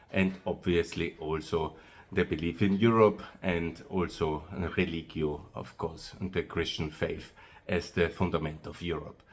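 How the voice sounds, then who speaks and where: A man with an Austrian-accented English voice that sits a little low. He talks in an unscripted, rambling way, pausing on "uh" and circling back to repeat himself. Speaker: host of his own video channel. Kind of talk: monologue to camera.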